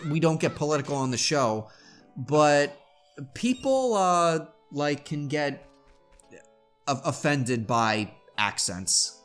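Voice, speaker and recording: A young man co-hosting a let's play, chatting casually in a rambling, halting way. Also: fairly high pitch, very animated, soft background music. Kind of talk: casual gameplay chat.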